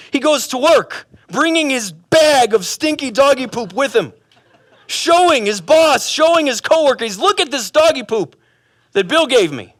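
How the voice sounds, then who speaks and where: A male pastor preaching a sermon, telling a comic parable in an animated, casual way with bits of slang. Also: high-pitched, dry recording, clean studio sound.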